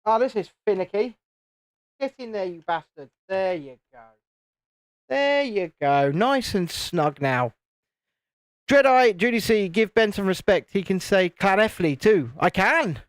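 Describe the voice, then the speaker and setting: A man's voice: high-pitched, animated, a little slow, dry recording, studio quality. A man from the United Kingdom hosting a casual live stream, joking and reading out viewer comments while building. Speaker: YouTube channel host.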